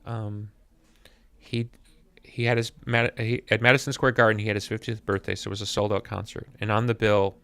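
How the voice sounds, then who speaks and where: A man's voice: fairly low pitch, level tone, brisk, bright, forceful tone, clear, resonant tone, no echo. A man in his fifties, a musician guest talking thoughtfully on a podcast and often repeating words as he searches for them. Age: 50s. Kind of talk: reflective interview conversation. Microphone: podcast mic.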